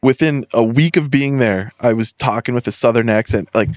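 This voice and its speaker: A man's voice: mid-range voice, fairly quick, dry recording. A young man from Western Massachusetts hosts a podcast. He tells stories with lots of energy and swears freely. The recording is dry and close. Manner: animated storyteller, swears freely. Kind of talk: casual chat.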